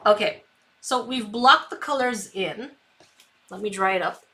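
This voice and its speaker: Bright, slow-talking woman crafting live. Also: mid-range voice. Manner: chatty, talks to herself, giggles often; reads viewer comments aloud. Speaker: craft stream host. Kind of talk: live painting tutorial chat.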